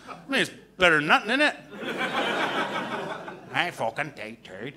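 A man's voice: on the high side, huge pitch swings, moderate pace, background noise. A man from Canada doing a rambling, sweary, self-mocking live stand-up set on a comedy club stage, recorded on a handheld mic.

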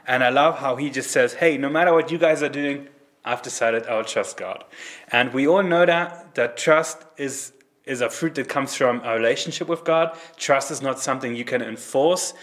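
A man's voice: mid-range voice, moderate pace, a bit bright. A man, a native German speaker, giving an earnest, conversational sermon at a church service, often restarting phrases and acting out prayers. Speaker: preacher.

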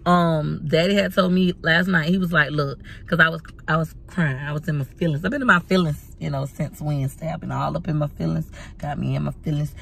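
Chatty woman with a gravelly voice. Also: low voice, steady tone, brisk, few pauses, slight background noise. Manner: chatty, dramatic storyteller. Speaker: vlogger. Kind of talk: casual chat. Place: parked van at a laundromat.

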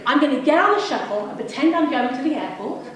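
A woman in her forties telling a lively, laughing story to a live audience, acting out her own thoughts as she goes. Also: high-pitched, fast. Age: 40s. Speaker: speaker giving a community talk. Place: large hall with a live audience. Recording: echoey hall, mic at a distance, audience noise.

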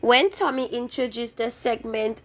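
A woman's voice: fairly high pitch, a little slow, a bit bright. A young woman hosting a casual vlog and ranting with exasperated opinions about a reality show. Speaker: reality TV reviewer.

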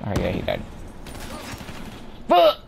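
A man giving live gameplay commentary, excitable and trash-talking, breaking into sudden yelps. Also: fairly low pitch, measured pace, vocal fry, background noise. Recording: game gunfire behind voice.

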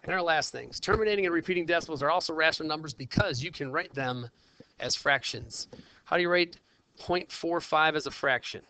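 A man's voice: a little high, fairly quick, bright, forceful tone. A man teaching a casual math lesson, talking himself through calculations in an informal, chatty way. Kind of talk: casual classroom lesson, working problems aloud.

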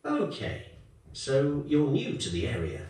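A man's voice: mid-range voice, huge pitch swings, measured pace, darkish tone. A man playing a friendly estate agent in a scripted coursebook dialogue, asking polite questions. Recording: echoey playback heard from far off.

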